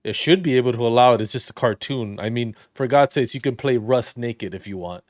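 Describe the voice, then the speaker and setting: A man's voice: mid-range voice, a little fast, no echo. A man doing casual, crude, joking commentary while playing a video game. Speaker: gameplay streamer.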